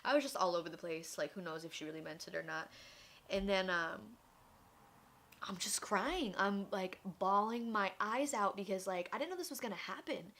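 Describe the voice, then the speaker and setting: A young woman vlogging a personal story, candid and animated, acting out the voices of people in it. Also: mid-range voice, moderate pace. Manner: candid, animated retelling that acts out quoted voices.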